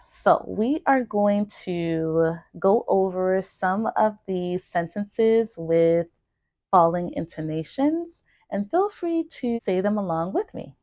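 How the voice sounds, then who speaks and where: American woman, pronunciation teacher, unhurried and precise, dry close sound, mid pitch. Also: darkish tone, no room sound, lo-fi sound. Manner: slow, careful, clearly articulated model words. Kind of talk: pronunciation lesson.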